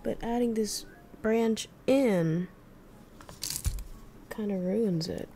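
A woman's voice: mid-range voice, extremely slow, warm tone, slight background noise. A young woman streaming, thinking aloud and chatting casually with her viewers as she works. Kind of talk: casual livestream chat while crafting.

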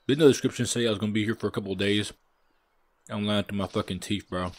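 A man's voice: lowish voice, fairly even intonation, fast talker, a little hiss or hum. A man giving loose, profane let's-play commentary, mocking the game and calling everyone "bro". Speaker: gaming video creator.

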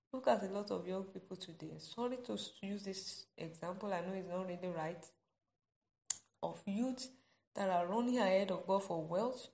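A woman delivering a devotional sermon on a podcast, in a voice of ordinary middle pitch. She speaks with firm emphasis, repeats her key phrases, and rises to loud exclamations. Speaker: gospel podcast preacher.

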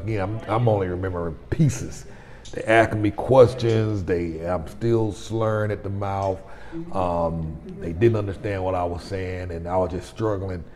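A vlogger in his forties, his voice sitting low with a darkish tone, tells a personal story casually to camera. He wanders conversationally and keeps restarting, and the recording has long reverb.

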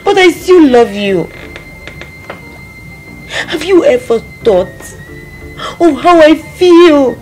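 A crying nigerian wife, high voice, slow pleading, film music low behind. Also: female voice, lively intonation, a little mellow, rough recording. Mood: tearful. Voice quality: tearful, pleading. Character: childless wife pleading, grieving, desperate. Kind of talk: Nollywood film acting.

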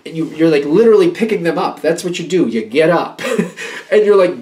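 A man giving a casual tarot reading. He talks in an animated, rambling way, repeating himself and acting out little pep talks. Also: a little high, moderate pace. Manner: animated, acts out little pep-talk quotes; rambling, repeats and restarts phrases. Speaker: tarot reader.

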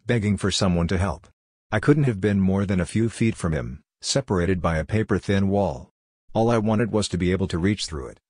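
A man narrating a first-person horror story in a measured, somber way. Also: sits low, darkish tone, dry recording, studio quality.

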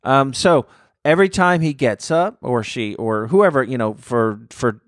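A man's voice: mid-range voice, lively intonation, a little slow. A man in his thirties chats on a podcast in an easygoing, rambling way, laughing often at his co-host. His voice sits in an ordinary middle register. The sound is close and dry, with no room echo. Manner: laughs easily, rambling and reflective. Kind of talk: casual chat.

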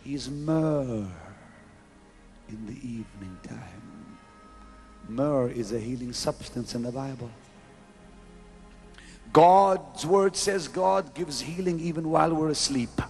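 Slow dramatic preacher man, soft music. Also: medium pitch, expressive, vocal fry. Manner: dramatic swings from loud exclamation to hushed whisper; slow, drawn-out delivery. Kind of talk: revival sermon. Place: large arena crusade. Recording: 1990s live event recording with faint music.

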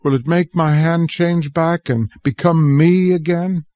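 A man's voice: on the high side, steady tone, measured pace, a little mellow, no room sound, pitched above the performer's own voice, lightly acted. A man reading a story aloud, voicing a frightened feverish young boy in a pleading, whimpering way.

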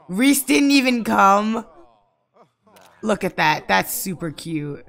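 A woman's voice: medium pitch, expressive, slow, vocal fry, a bit bright. A woman giving let's play commentary, scolding her game characters aloud in exasperation. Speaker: gaming channel host.

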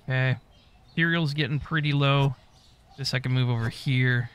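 A man's voice: mid-range voice, steady tone, normal speed, a bit bright, clear, resonant tone. A man giving casual gameplay commentary, muttering to himself as he goes and swearing often. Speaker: gaming YouTuber.

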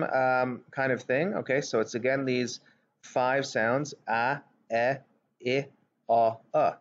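A man teaching a phonics lesson, patient and careful, repeating vowel sounds and correcting his small slips. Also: medium pitch. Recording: dull lo-fi recording.

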